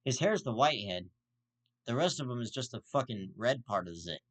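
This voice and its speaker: A man with a mid-range, somewhat bright voice hosts his own show, speaking expressively at a moderate pace. His ranting commentary is profane and blunt, repeatedly circling back to the same insult.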